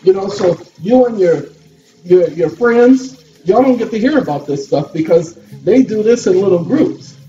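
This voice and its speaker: High-voiced man lecturing from afar. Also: expressive, unhurried, warm tone, recorded from a distance, muffled recording, soft background music. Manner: repetitive, lecturing, asks "okay?" often. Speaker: vlogger lecturing viewers. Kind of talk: preachy monologue to camera. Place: at a computer desk.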